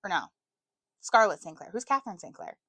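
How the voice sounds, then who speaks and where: A woman's voice: medium pitch, very animated, fairly quick, fairly bright tone, slightly rough, no echo, studio quality. A woman in her twenties chatting casually to camera about books, self-mocking and stumbling over words now and then. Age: 20s. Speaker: book vlogger.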